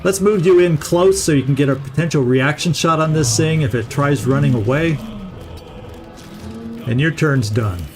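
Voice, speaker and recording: Middle-aged male let's-play host, slightly high voice, chatty and unhurried, thinks out loud and restarts his words; faint music underneath. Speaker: gaming channel host. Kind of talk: casual let's-play commentary.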